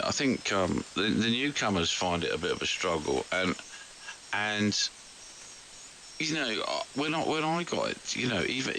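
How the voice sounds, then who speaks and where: Very deep, gravelly man, hesitant. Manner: hesitant, stammering restarts. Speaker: amateur radio operator. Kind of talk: casual radio chat. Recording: noisy amateur radio signal.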